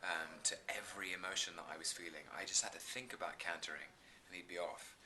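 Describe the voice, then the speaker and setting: A man's voice: deep voice, fairly even intonation, quick pace, pushed and bright, slight background noise. A man in his thirties, an actor being interviewed, talking earnestly and effusively with many restarts. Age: 30s. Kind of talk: casual interview chat.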